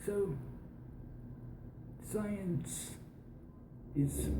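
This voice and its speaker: A young adult from the United States speaking in a put-on posh British accent, hosting a science show in a rambling casual monologue that slips into whispered asides. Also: medium pitch. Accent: put-on posh British over American. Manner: rambling, with many restarts and slow, stretched words. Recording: echoey room with background noise.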